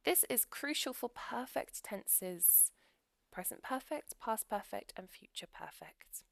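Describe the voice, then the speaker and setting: A woman teaching English grammar in a recorded lesson, explaining clearly and steadily with example sentences. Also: fairly high pitch, expressive, slow, dry recording.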